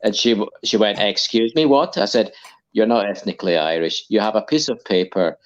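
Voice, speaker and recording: A deep-voiced man joins a livestream as a guest and tells long, rambling anecdotes. His voice comes through slightly dull and lo-fi, like a remote call connection. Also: brisk. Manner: long-winded anecdotal storytelling. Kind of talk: casual live-stream chat.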